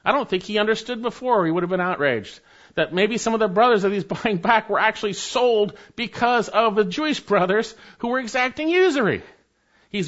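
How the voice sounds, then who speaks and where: A man preaching a sermon, swinging from loud emphatic lines to quiet, urging ones. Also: high voice, animated, normal speed. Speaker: pastor. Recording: dull lo-fi sound.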